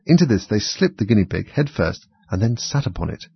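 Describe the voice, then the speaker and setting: A man reading a children's story aloud at a steady, measured pace. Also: lowish voice, vocal fry, breathy edge, dry recording. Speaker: narrator. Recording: dry, slightly dull recording.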